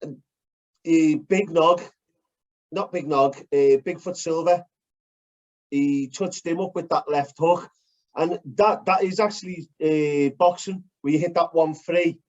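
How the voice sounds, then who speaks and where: A man co-hosting a casual chat, blunt and animated, swearing as he breaks down fight technique. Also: fairly high pitch, unhurried. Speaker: podcast co-host. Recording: dull lo-fi recording.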